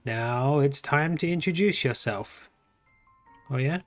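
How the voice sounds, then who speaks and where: An Australian man playing a game for his channel, reading its text aloud in his own voice, his pitch swinging up and down. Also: takes it slowly. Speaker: gaming YouTuber. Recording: faint game music behind the voice. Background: faint game music.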